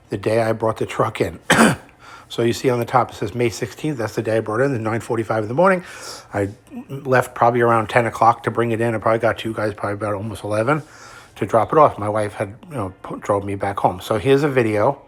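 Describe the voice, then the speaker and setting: A man narrating a video walkaround of his truck in a relaxed way, pointing out details as he goes. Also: fairly low pitch, fast talker, breathy edge.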